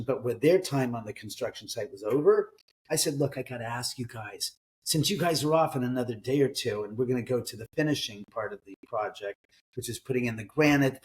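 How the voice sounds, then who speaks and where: A man's voice: medium pitch, brisk, darkish tone. A middle-aged man, an author, telling ghost stories in a casual interview, acting out quoted voices and swearing now and then. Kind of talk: conversational storytelling in an interview.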